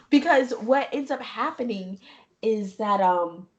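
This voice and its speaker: A young adult woman, a gaming streamer, talking casually and expressively in an interview, often laughing and lively. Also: a little high, slow pace, highs cut off, a little hiss or hum. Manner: animated and expressive, jumps into quoted voices, laughs often.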